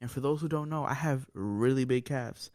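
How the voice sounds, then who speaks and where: A mid-pitched man co-hosting a podcast, telling a story in casual conversation. He is animated and profane, and keeps chuckling through his own story. He sits close to a dry, deadened mic. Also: normal speed, no echo. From United States. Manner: animated, swears a lot, laughs while telling stories. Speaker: podcast co-host.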